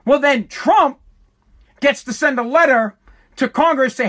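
An American political commentator launches into an angry rant, swearing freely and dripping with sarcasm. Her voice sits high and a bit bright, and she speaks unhurriedly with frequent pauses. As her anger builds, her heated delivery trips over repeated words.

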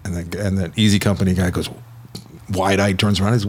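A man from the United States co-hosting a casual film podcast, animated and teasing, playfully scolding his friend. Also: deep voice, fast. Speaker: podcast co-host, film reviewer. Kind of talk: casual chat.

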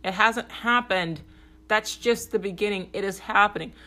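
A woman hosting a podcast delivers a blunt, profane political monologue at a moderate pace, her voice pushed and bright. She keeps checking in with "okay?", and her voice rises higher as she grows heated and agitated.

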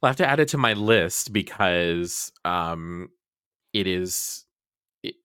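A man co-hosting a podcast in casual pop culture chat, relaxed and hesitant with "uh" fillers. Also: low voice, slow pace, smooth, no echo, clean studio sound. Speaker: podcast co-host.

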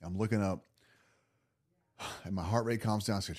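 Lively low-voiced man telling a story. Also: normal speed, pauses often. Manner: animated, laughing, lots of restarts and acted self-talk. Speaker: podcast guest, drummer. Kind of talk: casual storytelling interview.

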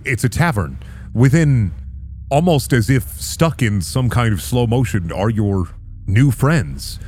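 Dm guy narrating the game, calm and descriptive, voice moves around a lot, some quiet music under it. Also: medium pitch, measured pace. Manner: calm descriptive narration, casual swearing out of character. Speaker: dungeon master.

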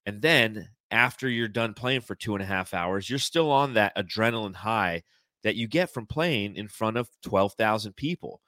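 A man's voice: fairly low pitch, expressive, moderate pace, pushed and bright, no echo. A man hosting a sports podcast, talking casually and at length about a basketball team. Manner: conversational, rambling sports talk. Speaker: podcast host.

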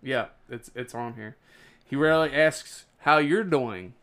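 A man's voice: medium pitch, a little slow, a bit bright. A man co-hosting a casual podcast who reads out lists and makes jokes and puns. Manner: jokey, teasing, laughs at his own puns. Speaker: podcast co-host. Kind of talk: casual chat, reading a list.

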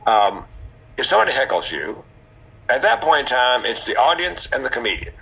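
Male comic guest, husky and bright, animated storyteller. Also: mid-range voice, a little fast, low-quality recording. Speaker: podcast guest, comedian. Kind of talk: casual storytelling.

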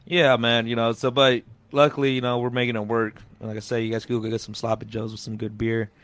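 A man's voice: mid-range voice, little pitch movement, fast talker, fairly bright tone, clean tone. Man, podcast host, laid-back, swears a lot, mixes in Spanish, studio chat. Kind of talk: casual chat.

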